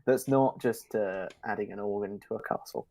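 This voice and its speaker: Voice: low voice, normal speed, vocal fry, warm tone. A co-host chatting casually on a stream, encouraging and reassuring with a playful streak.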